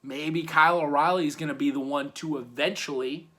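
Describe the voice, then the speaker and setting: A man hosting a weekly wrestling review in casual commentary, swinging from loud hyped bursts to low muttered asides. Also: fairly even intonation, fairly quick.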